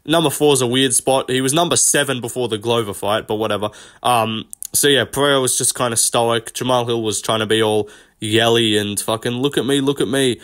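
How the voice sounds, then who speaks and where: A man talks through a fight press conference in a loose, rambling way. He is blunt and swears freely. His voice sits at an ordinary middle pitch. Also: steady tone, fairly quick, a bit bright. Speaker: MMA commentary host. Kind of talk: casual reaction commentary.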